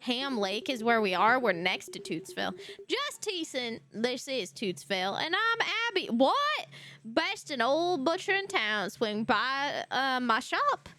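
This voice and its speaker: A playful young butcher teases a newcomer in a slow drawl, as a woman streamer reads her aloud. The delivery is lighthearted and relaxed. Soft game music sits behind. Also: high-pitched, heavily acted. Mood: teasing. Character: teasing young female town butcher.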